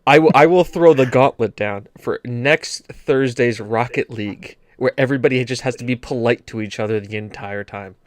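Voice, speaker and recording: A man hosting a casual podcast chat, animated and quick to slip into mock accents. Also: medium pitch. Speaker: podcast host.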